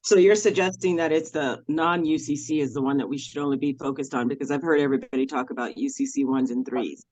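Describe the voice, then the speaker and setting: A man's voice: mid-range voice, fairly even intonation, fast, a little mellow, no room sound, low-quality recording. A man asking questions on a call in an unsure, questioning way.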